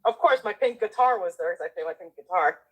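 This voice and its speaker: A woman telling a personal story in casual conversation, animated, laughing often and acting out the voices of the people she quotes. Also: on the low side, fast, breathy edge, low-quality recording. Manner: acts out the people she quotes, including herself.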